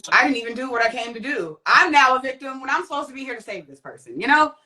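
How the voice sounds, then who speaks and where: A woman's voice: expressive, fast, bright, forceful tone. A young adult woman telling her personal testimony as a guest, acting out quoted voices. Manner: vivid, acts out quoted voices with big pitch jumps. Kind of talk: personal storytelling.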